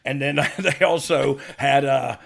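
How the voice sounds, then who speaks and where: A gravelly man in his fifties rambles through a story with a middle-pitched voice, stopping to laugh and restarting his sentences. He hosts a casual talk show. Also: fairly even intonation, takes it slowly, a bit bright. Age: 50s. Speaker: podcast host and former wrestler.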